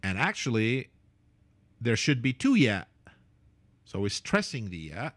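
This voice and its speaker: Playful man teaching, very lively pitch. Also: unhurried, no echo. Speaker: Arabic calligraphy teacher. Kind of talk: relaxed teaching with asides.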